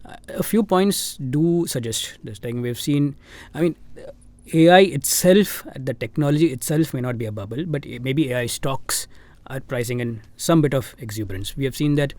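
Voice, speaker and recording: A fund manager with an Indian English accent answers interview questions at a relaxed, thoughtful pace. His voice sits at a middle pitch, and he leans on fillers and restarts as he works through each point. He sounds like a guest giving careful, conversational replies. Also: moderate pace, no echo.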